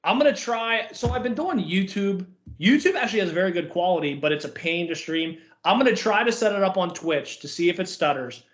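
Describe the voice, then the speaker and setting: A man's voice: high-pitched, lively intonation, fairly quick, hardly any pauses, reverberant. A young man co-hosting a podcast, chatting casually and rambling with lots of fillers. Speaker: podcast co-host. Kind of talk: casual chat.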